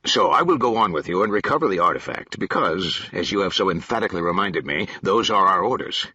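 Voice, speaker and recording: A man's voice: low-pitched, lively intonation, a little fast, pushed and bright, slightly rough, dry recording, full character voice. A man reading an audiobook, voicing a proud, stubborn male alien ex-soldier who talks bluntly and hotly about honor, on a dull, dry lo-fi recording. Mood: determined.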